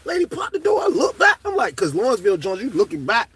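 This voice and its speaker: A middle-aged man telling a story to camera in a casual, profane, animated way, shouting at the high points. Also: fast, recorded from a distance, a little hiss or hum.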